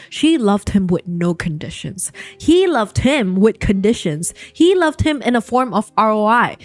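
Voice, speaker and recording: A woman hosting a casual storytime, retelling a novel in a chatty, emphatic way and talking straight to her viewers. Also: mid-range voice. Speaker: book storytime host.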